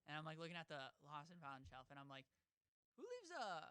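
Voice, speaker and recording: A man's voice: fairly even intonation, fast, bright, forceful tone, smooth, no echo. A young man hosting a podcast, telling a rambling story in a casual, swearing way. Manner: rambling, swears, jumps into high voices for quotes. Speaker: podcast host.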